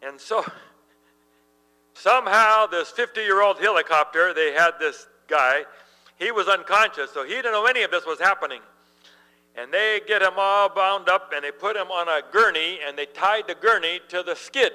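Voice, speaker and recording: Animated male pastor, bright voice, humming background. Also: high-pitched, normal speed, big-room sound, poor audio. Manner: animated storyteller, laughs while telling. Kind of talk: sermon with storytelling. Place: church.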